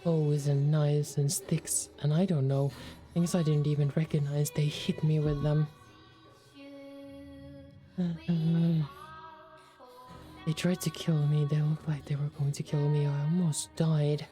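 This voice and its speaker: Woman streamer voicing a battered, parched outcast. Low, very mellow, halting, and repeats herself. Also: little pitch movement, faint music behind. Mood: distraught, parched. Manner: halting, repetitive, distraught reading. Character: wounded, parched outcast haunted by an attack. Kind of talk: reading a visual novel aloud.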